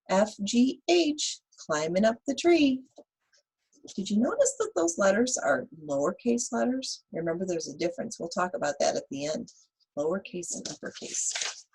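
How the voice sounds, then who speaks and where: A woman teacher reading a picture book aloud to young children, animated and asking them questions. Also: medium pitch, normal speed, breathy edge, poor audio. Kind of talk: children's read-aloud lesson.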